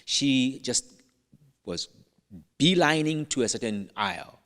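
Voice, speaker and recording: A Catholic priest with an African accent, preaching a sermon as a playful, humorous storyteller with dramatic pauses. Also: male voice, medium pitch, animated, a bit bright, in a large hall.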